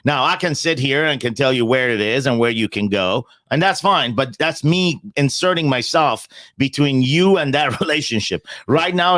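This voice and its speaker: A man's voice: mid-range voice, sharp tone, no echo. Blunt, emphatic man, dry sound. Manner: blunt and emphatic, frequent profanity, repeats words when starting. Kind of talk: casual podcast conversation.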